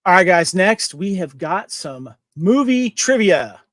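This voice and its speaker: High-pitched guy hosting a movie podcast, chatty, reads trivia, dry close sound. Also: big pitch swings, measured pace, a bit bright, no room sound. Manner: chatty, reads trivia and quotes aloud, laughs often. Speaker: podcast host. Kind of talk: casual movie podcast chat.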